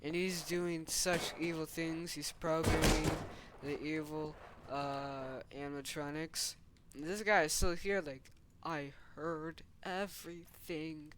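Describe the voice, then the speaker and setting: A man's voice: a little high, fairly even intonation, a little slow. A young man casually retelling a story in a rambling way, full of "like" and restarts. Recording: noisy home recording.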